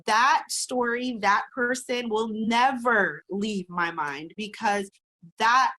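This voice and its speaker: A woman's voice: a little high, slow pace, bright, forceful tone. Emphatic encouraging woman telling her story. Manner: encouraging, emphatic, repeats phrases for stress. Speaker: guest, cancer survivor and speaker. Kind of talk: earnest interview storytelling.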